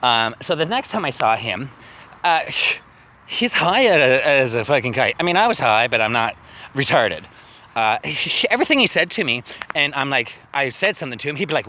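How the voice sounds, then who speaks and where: Guy rambling into his phone on a walk, bright voice, swears a lot, faint traffic behind. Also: fairly high pitch, very animated, moderate pace. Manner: rambling, profane and emotional. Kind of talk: rambling walk-and-talk vlog. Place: outdoors walking past a city cemetery.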